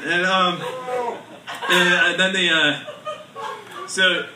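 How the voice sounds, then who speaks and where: A man doing stand-up comedy at a bar venue, telling a rambling story with halting delivery and many fillers. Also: high-pitched, little pitch movement, heavy background noise. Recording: echoey room, mic from far off.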